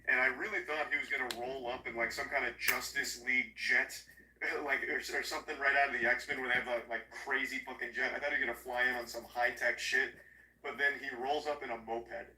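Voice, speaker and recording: A man recapping a horror movie in a casual, comedic, profane way, sarcastic and animated. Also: medium pitch, brisk, far from the mic, slight background noise. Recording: echoey room, voice off-mic.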